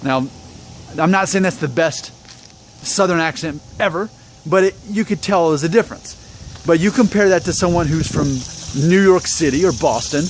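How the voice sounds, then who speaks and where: A man's voice: a little high, slight background noise. A man from Alabama talking to camera in a rambling, self-deprecating way, full of fillers and restarts. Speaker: YouTube vlogger. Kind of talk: casual talk to camera.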